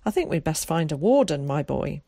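A woman voicing a weary, gruff but kindly middle-aged male ticket man who asks questions. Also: deep voice, big pitch swings, moderate pace, dark tone, dry recording, clean studio sound, full character voice.

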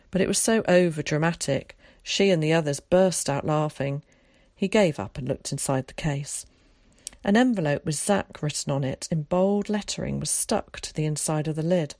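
A woman narrating a children's storybook aloud in a calm, even manner. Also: low-pitched, no echo, studio quality. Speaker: audiobook narrator.

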